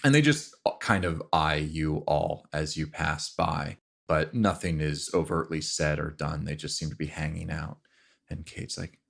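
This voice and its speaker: Brief: male game master, very low voice, measured unhurried narration. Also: gravelly. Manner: relaxed, descriptive, with fillers and restarts.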